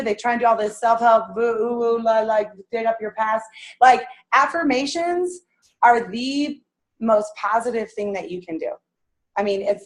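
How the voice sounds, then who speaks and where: A woman in her thirties leads a motivational sales meeting with a fairly high voice. She talks in a lively, animated way and laughs often. She acts out the words people say to themselves. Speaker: sales team leader.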